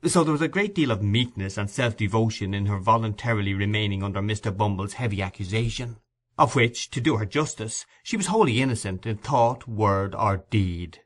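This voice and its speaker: A man narrates a classic novel as an audiobook, telling the story in a measured way. His voice is fairly low in pitch and expressive.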